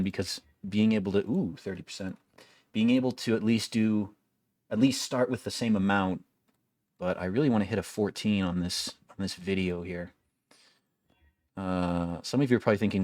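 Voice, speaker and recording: A man's voice: low-pitched, a little mellow, no echo. A young man giving casual gameplay commentary, wry and complaining, swearing freely as he plays. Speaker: gaming video creator.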